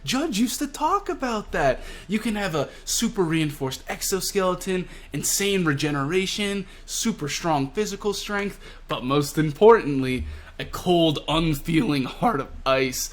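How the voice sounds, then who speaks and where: A gleeful mad-scientist villain, as a man puts him on for a comic retelling, pitched well above his own voice. He is fired up and thrilled by the battle. The timbre is pushed oddly away from his usual sound. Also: unhurried. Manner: gleeful, excited.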